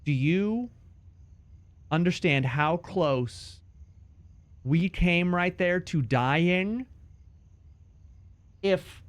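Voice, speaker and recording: A man giving live commentary as he plays a game, talking to himself and his chat and yelping and shouting when something startles him. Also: high voice, very slow, pauses often. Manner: talks to himself and to chat while playing. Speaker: streamer.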